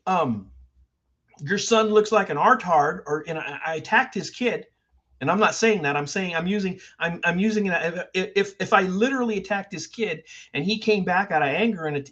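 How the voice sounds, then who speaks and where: A man's voice: high voice, a bit bright, husky. An older man hosting a livestream, ranting heatedly and repeating himself for emphasis. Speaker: livestream host. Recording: dull lo-fi stream audio.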